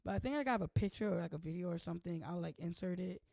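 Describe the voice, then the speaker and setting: Young woman vlog host: chatty, playful, a bit hoarse, with a creaky texture and a dry, close recording. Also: on the low side, expressive, very fast, mellow, no room sound. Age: young adult. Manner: chatty, playful, says "like" constantly. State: slightly hoarse from allergies. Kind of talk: casual vlog chat.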